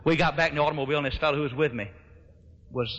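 A man preaching a sermon, telling a folksy story in an animated way as an old-fashioned gospel pastor. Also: a little high, racing. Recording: echoey hall, dull lo-fi sound.

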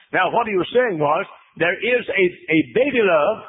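A man preaching a sermon in a folksy storytelling way, often dropping to low, hushed tones. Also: lively intonation, unhurried, few pauses. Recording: tinny phone-like radio broadcast.

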